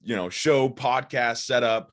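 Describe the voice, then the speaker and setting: A man's voice: mid-range voice, fairly bright tone. A young man, a social media expert, explaining his ideas eagerly in a casual interview over a call, with many fillers. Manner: eager, fast, filler-heavy.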